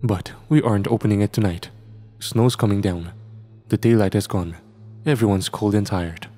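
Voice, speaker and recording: Man doing a gruff burly foreman. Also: fairly low pitch, moderate pace, warm tone, big-room sound, soft background music, close to an everyday voice. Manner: curt, firm.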